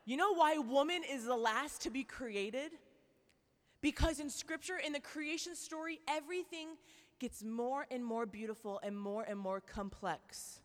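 A young woman gives a lively, joking faith talk to a room of women. Her voice sits fairly high, and her speech is loose and chatty with many likes and okays. Long reverb from a large hall trails behind her. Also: unhurried. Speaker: speaker at a Christian women's event.

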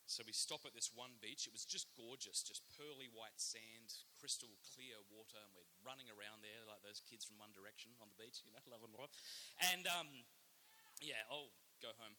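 Animated Australian man telling a story. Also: medium pitch, normal speed, a little hiss or hum. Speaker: speaker giving a talk. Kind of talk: comic storytelling to a live audience.

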